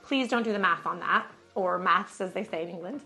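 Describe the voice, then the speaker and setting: A woman's voice: fairly low pitch, fairly quick, creaky, sharp tone, faint music behind. An American woman in her thirties talking casually to a vlog audience, bubbly and chatty and laughing often. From United States. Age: 30s. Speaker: vlogger.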